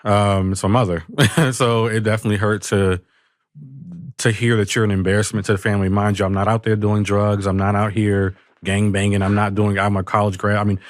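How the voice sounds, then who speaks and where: A man's voice: fairly low pitch, level tone, fairly quick, no echo, studio quality. A man being interviewed as a guest, answering openly and earnestly with small hesitations.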